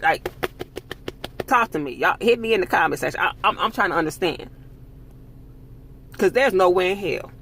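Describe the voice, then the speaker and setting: Brief: heated man vlogger, raspy and gravelly, slightly high voice, cursing rant. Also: pushed and bright. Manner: angry, profane, emphatic ranting. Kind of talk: heated commentary monologue.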